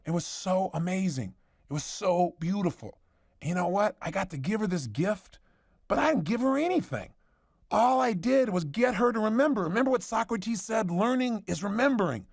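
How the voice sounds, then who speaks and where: A man's voice: high voice, animated, normal speed, creaky, no room sound, studio quality. A man giving a motivational seminar talk, telling a story with emphasis. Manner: emphatic storyteller, retelling conversations. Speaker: motivational speaker.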